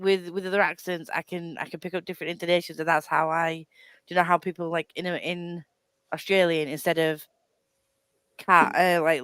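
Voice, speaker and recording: A woman's voice: lowish voice, pushed and bright, clean tone, no room sound. A woman chatting casually about a book on a live show, rambling with many restarts and self-deprecating laughs. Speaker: book club co-host.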